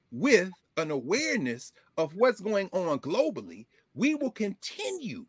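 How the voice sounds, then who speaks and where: A man's voice: fairly high pitch, fairly bright tone, slightly rough, no room sound, clean studio sound. A man hosting casual political commentary, talking emphatically with folksy asides.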